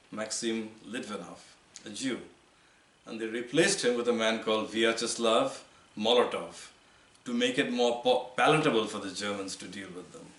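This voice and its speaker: A man giving a lecture-style history talk, deliberate, who spells out names letter by letter. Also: mid-range voice, fairly bright tone. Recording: echoey room, mic far off.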